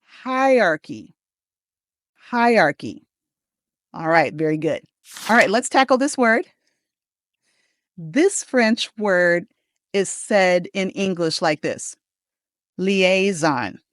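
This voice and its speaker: The pronunciation coach, an American woman, has a lowish, fairly bright voice and an animated delivery. In her upbeat lesson she enunciates model words slowly and deliberately for listeners to repeat, with no room sound in the recording.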